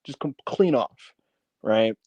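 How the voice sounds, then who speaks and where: A man's voice: on the low side, lively intonation, slow pace, a little mellow, slightly rough, no room sound, lo-fi sound. A man co-hosting a casual podcast, telling a wrestling story with feeling, swearing and acting out the quotes. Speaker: podcast co-host.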